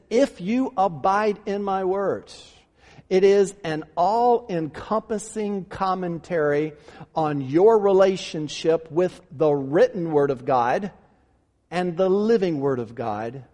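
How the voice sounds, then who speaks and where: A man's voice: on the high side, a little mellow, big-room sound. A male pastor preaching a sermon with emphasis, repeating key phrases and firing off rhetorical questions.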